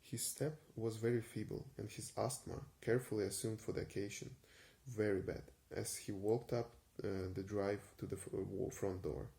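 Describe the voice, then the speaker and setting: A man giving an unhurried ASMR reading of a vintage story, with frequent small hesitations. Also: on the low side, fairly even intonation, creaky, mellow. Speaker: reader.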